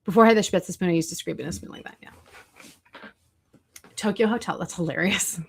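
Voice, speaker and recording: A woman's voice: fairly low pitch, quick pace, vocal fry, slight background noise. A woman hosting a casual livestream, chatting with viewers and looking up foods online as she talks. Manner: chatty, reacts to chat and searches food online. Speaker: livestream host.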